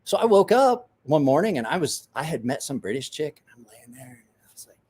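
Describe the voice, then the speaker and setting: A man in his forties hosts a podcast and tells a wild story in loose, casual chat. His voice sits a little high for a man and swings widely in pitch as he acts out the people he quotes. He laughs often and swears freely. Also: very animated, a little fast, darkish tone, breathy edge. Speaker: podcast host.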